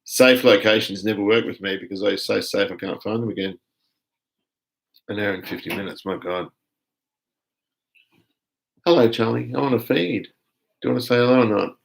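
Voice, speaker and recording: An Australian man hosting a casual live stream, chatting in a relaxed, rambling way as he reads out viewer comments. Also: fairly low pitch, normal speed, creaky, pauses often, rough recording.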